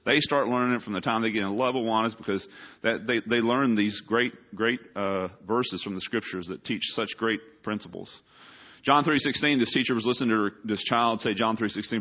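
A man delivers a sermon in a fairly low voice. He talks with his congregation like a conversation and asks them questions. The recording is dull and lo-fi. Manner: conversational preaching, asks the congregation questions, rises to urgent emphasis. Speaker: pastor. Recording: dull lo-fi sound.

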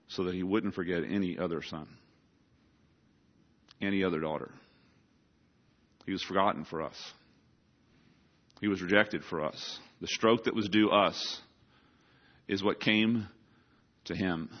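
A man delivers a sermon in a fairly low voice. He talks with his congregation like a conversation and asks them questions. The recording is dull and lo-fi. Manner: conversational preaching, asks the congregation questions, rises to urgent emphasis. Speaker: pastor. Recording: dull lo-fi sound.

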